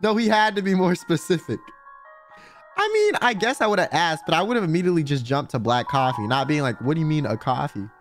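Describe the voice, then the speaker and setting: A male streamer talking over a horror game in an animated, loud, swear-heavy way. His fairly high voice jumps around a lot in pitch, with soft music underneath. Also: brisk. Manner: animated, loud, swears casually, bursts into laughter. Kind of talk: casual game stream chatter.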